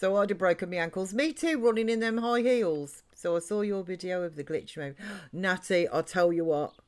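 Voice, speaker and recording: A woman's voice: mid-range voice, normal speed. A woman chatting her way through a live-streamed life-sim game, rambling between the game and her viewers. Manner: chatty, rambling, talks to chat and game characters. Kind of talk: live-stream gameplay chat.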